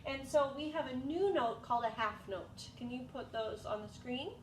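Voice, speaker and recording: High voiced music teacher lady, slow and patient, far from the mic with room echo and hiss. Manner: patient, encouraging, sings examples. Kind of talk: elementary music lesson. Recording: echoey room, distant mic, noisy.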